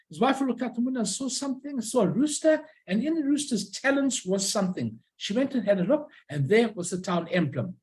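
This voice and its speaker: This is an informal illustrated talk about an old collection, delivered by a presenter at an ordinary, middle pitch. The speech is halting, full of restarts and on-the-spot corrections, as each item is shown and explained. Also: darkish tone, low-quality recording. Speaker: presenter showing a collection of stamps and postcards.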